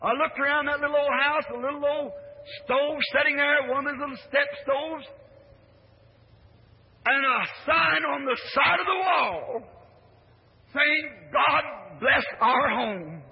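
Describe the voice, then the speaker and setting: A man preaching a sermon as a story, fervent, rising to shouts and then dropping low. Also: unhurried, vocal fry, long pauses. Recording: muffled old recording in a reverberant hall.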